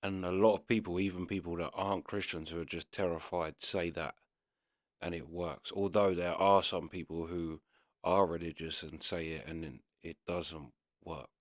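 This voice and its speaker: A British man with a very deep voice rambles through casual reaction commentary, padding his talk with fillers. The sound is dry and close, with no room around it. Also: steady tone, normal speed, no room sound. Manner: rambling, loose, full of fillers. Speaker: reaction channel host.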